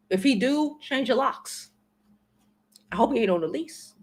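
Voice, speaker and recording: A woman's voice: sits high, lively intonation, a little slow. A woman in her forties, hosting a livestream and giving blunt, slangy, profane advice in casual chat to her viewers. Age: 40s. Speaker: livestream host.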